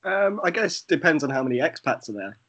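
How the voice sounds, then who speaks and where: A man's voice: a little high, big pitch swings, a little fast, bright, forceful tone, breathy edge. A man with a Northeast English accent, a podcast guest answering in a dry, matter-of-fact way over a dull lo-fi line. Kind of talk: casual chat.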